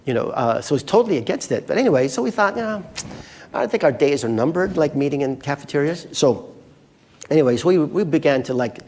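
A man's voice: on the high side, lively intonation, brisk, darkish tone, slight background noise. A male pastor preaching a casual, storytelling sermon, talking to his congregation in a chatty way with many asides.

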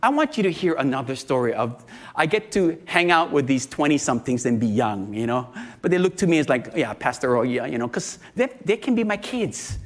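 A middle-aged man, preaching a sermon as a pastor and telling stories with animated, acted-out voices. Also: a little high, brisk. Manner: animated storytelling, acting out quoted voices.

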